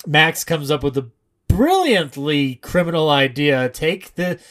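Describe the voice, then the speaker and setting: Bright-voiced podcast host recapping a film. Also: mid-range voice, measured pace. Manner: animated, acts out film quotes, laughs often. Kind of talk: casual film analysis chat.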